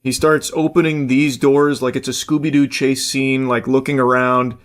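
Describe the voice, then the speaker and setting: A man's voice: medium pitch, little pitch movement, moderate pace. A man reacting to a clip in casual, rambling commentary, swearing freely and filling gaps with "like" and "uh". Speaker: commentary YouTuber.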